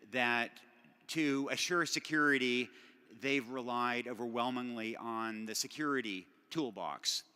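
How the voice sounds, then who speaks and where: A man's voice: mid-range voice, bright, forceful tone, clear, resonant tone. A middle-aged man giving a conversational, self-deprecating acceptance speech at a benefit dinner, with frequent fillers and restarts. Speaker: award recipient giving a speech. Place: large banquet hall at a benefit dinner. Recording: long hall reverb.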